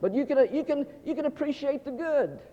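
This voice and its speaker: Middle-aged male pastor, fast and high, telling funny stories in a sermon; muffled, reverberant sanctuary sound. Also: slight background noise. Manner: animated, stammering restarts, repeats phrases for effect. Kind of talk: humorous storytelling sermon. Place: large church sanctuary. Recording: dull, reverberant church hall recording.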